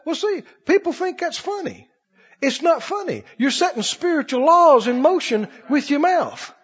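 A man's voice: extremely high pitch, big pitch swings, moderate pace. A man preaching a sermon, telling stories and swinging his voice up and down for emphasis. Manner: storytelling preacher, rising and dropping emphatically. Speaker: pastor. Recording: dull lo-fi recording in a reverberant hall.

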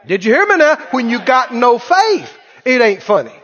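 Very high-pitched fiery male preacher. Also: big pitch swings, moderate pace, a bit bright, dull audio, a faint crowd. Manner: fiery, colloquial preaching with mocking asides. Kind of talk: sermon.

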